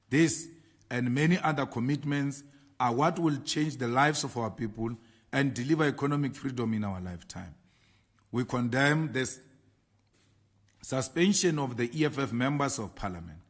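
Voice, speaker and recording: Casting note: South African male politician, mid-pitched, reads his statement in a measured, emphatic way. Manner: slow, emphatic delivery of lists. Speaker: party leader.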